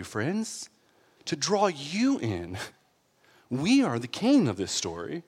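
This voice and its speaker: A man preaching a sermon, animated and laughing often, checking in with the congregation as he goes. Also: fairly high pitch, measured pace, breathy edge. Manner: animated, laughs often, asks the crowd "right?". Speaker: pastor. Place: church sanctuary. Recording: long hall reverb.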